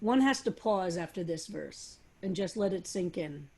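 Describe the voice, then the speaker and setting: A woman's voice: fairly low pitch, lively intonation, moderate pace, darkish tone, husky. A woman rabbi leading a study class, talking animatedly and throwing out question after question, with frequent restarts. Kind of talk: teaching a text study class.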